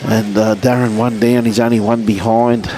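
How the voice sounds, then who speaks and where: A man's voice: lowish voice, flat delivery, moderate pace, warm tone, rough recording. An Australian man commentating a live lawn bowls stream in a chatty, matey way, greeting viewers by name. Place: outdoors at a bowls club.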